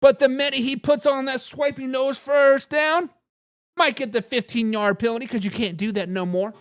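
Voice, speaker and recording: A man hosting a fan sports talk show, hyping his team, shouting catchphrases and answering viewer comments while drinking beer. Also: very high-pitched, steady tone, moderate pace, clean tone, no echo, clean studio sound. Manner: hype, repeats catchphrases, says "baby". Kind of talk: hyped live sports talk.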